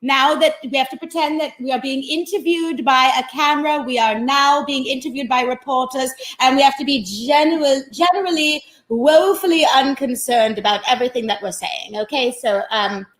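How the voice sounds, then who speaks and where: A woman's voice: sits high, moderate pace, hardly any pauses, fairly bright tone. A woman hosting a comedy sketch, playing a mock-earnest acting instructor with a wry delivery. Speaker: comedy host.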